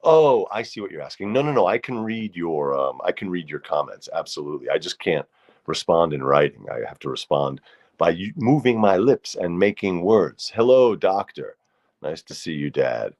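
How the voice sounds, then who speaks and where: A man's voice: low-pitched, big pitch swings, moderate pace, a little mellow. A middle-aged man hosting a casual livestream talk show, chatty and rambling as he greets viewers by name. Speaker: host.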